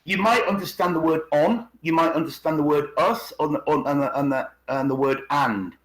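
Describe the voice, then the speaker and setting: A man's voice: a little high, normal speed, rough recording. A man from England talking casually as a podcast co-host, rambling and repeating words as he explains. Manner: rambling, repeats words, puts on regional accents. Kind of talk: casual conspiracy podcast chat. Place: living in China.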